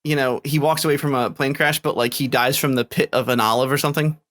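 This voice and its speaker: A man's voice: mid-range voice, steady tone, fast, a bit bright. A man co-hosting a podcast, telling rambling, profane stories in casual chat and often correcting himself as he goes. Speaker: podcast co-host.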